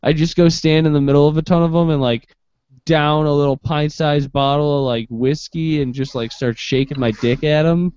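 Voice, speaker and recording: A man hosting a casual panel chat, joking and crude, with quick skit bits. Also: on the high side, steady tone, darkish tone, clear, resonant tone, dry recording. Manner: joking, crude, plays skits. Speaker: show host. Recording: dry, dull lo-fi stream audio.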